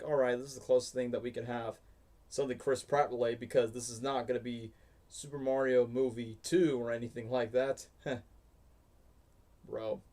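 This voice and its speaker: A mid-range, darkish male voice belongs to a livestream host doing casual reaction chat, wandering from topic to topic and leaning heavily on "bro" and "like."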